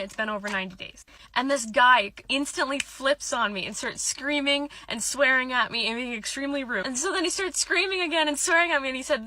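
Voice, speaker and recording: Fast, bright woman telling a story. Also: high-pitched, dry recording, rough recording. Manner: rapid, animated retelling. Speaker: store clerk.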